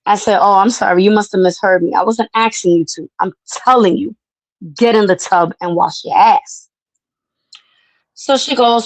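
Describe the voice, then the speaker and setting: A woman spins a family story in blunt, cursing, lively talk. Her voice sits at a middle pitch and the sound is dry and close, with no room around it. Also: moderate pace, no echo, rough recording. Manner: brash, profane, animated storyteller. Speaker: podcast host. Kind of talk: casual storytelling chat.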